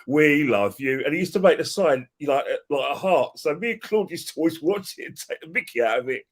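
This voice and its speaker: A man with a somewhat higher voice chats on a casual podcast. He tells his anecdote in a friendly way, stopping and restarting his sentences. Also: animated, quick pace. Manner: hesitant restarts, chatty. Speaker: podcast guest.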